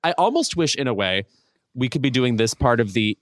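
A man's voice: mid-range voice, animated, a little fast, dry recording, studio quality. Wry man co-hosting a podcast. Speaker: podcast co-host. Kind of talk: casual pop culture chat.

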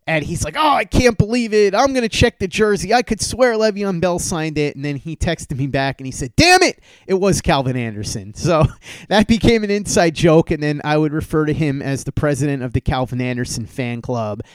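A man hosting a podcast, telling a fond story about a late friend and acting out their back-and-forth in lively quoted dialogue. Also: on the high side, clean tone, no room sound. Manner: animated storyteller who acts out quoted dialogue. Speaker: podcast host. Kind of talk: casual storytelling tribute.

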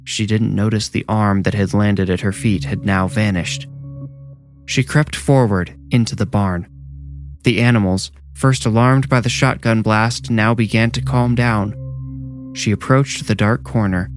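Low-voiced man narrating horror.

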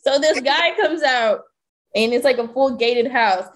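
A woman hosting a podcast, telling a story in an animated, profane, casual way with lots of "like" fillers. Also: fairly high pitch, measured pace. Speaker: podcast host.

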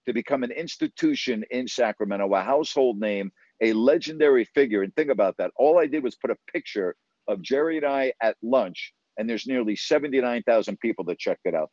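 A man's voice: mid-range voice, a little fast, darkish tone, no room sound. A man in mid-range tones tells a story in an earnest, reflective way. His voice sounds close and dry, with a slightly dull, muffled top end. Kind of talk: casual radio talk.

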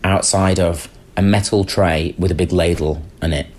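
A man's voice: deep voice, moderate pace, a little hiss or hum. A man on a podcast, chatting casually and riffing comically. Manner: comic, animated, riffs with mock voices. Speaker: podcast guest. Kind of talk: casual chat.

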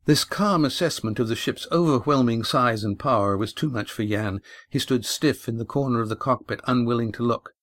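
A man narrating a sailing adventure audiobook in an even, steady reading. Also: medium pitch, normal speed, few pauses, dry recording, clean studio sound.

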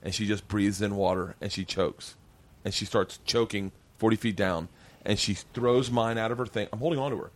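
Male podcast host, low-ish voice, animated and profane storyteller who does the voices in his tales. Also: moderate pace. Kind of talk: casual storytelling chat.

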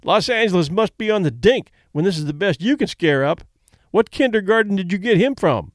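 A man's voice: sits high, lively intonation, fairly quick, no echo, clean studio sound, pitched above the performer's own voice. A man reading aloud and voicing a brash, cocky young boxer who talks in a breezy, mocking way.

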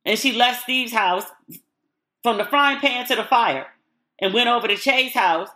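A woman's voice: fairly high pitch, a little slow, bright, forceful tone. A woman hosting a podcast in a casual solo chat, frank and opinionated as she talks. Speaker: podcast host.

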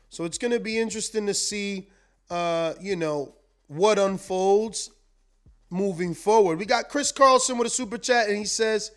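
Running a live boxing stream, this host speaks in a high voice, chatting loosely, repeating words and wandering as he reads comments from viewers.

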